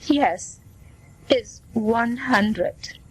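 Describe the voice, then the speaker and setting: Sick guy patient in a learner dialogue, read by a woman, slow and breathy, kinda high. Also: full character voice, poor audio. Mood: plain. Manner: slow, plain reading voice. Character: middle-aged man with a cold, chatty patient.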